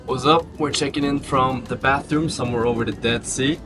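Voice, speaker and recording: A man's voice: medium pitch, steady tone, brisk, over loud music. A man in his twenties vlogging casually, rambling with fillers and restarts. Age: 20s. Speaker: entrepreneur vlogger. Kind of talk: casual vlog narration.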